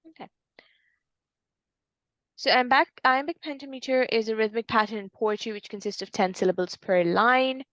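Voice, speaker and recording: A woman's voice: on the high side, normal speed, pauses often, a bit bright, dry recording. A woman tutor explaining a poem in an online lesson, in a patient, explanatory way with some fillers. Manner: explanatory, uses fillers and restarts.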